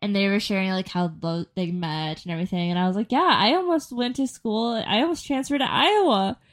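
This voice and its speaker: A woman's voice: mid-range voice, a little fast. A woman in her twenties, co-hosting a podcast, telling dating stories in casual chat and acting out the quotes. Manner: animated storytelling, acting out quotes. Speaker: podcast co-host.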